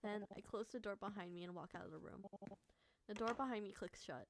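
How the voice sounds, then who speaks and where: A woman's voice: mid-range voice, a little fast, gravelly, noisy background. A woman streamer reading a story game aloud, mixing narration with emotional reactions and the occasional curse. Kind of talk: reading a visual novel aloud with commentary.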